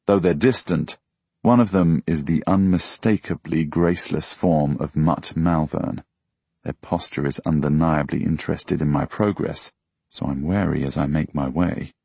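A man reading a novel aloud in the first person, with measured, quiet storytelling. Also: extremely low pitch, creaky, husky, no echo. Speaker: audiobook narrator. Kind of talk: first-person scripted narration.

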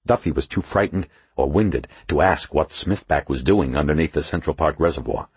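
A man's voice: normal speed, few pauses, no echo. A man reading a suspense novel aloud as an audiobook narrator. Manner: low, husky, lively storytelling voice. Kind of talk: scripted narration.

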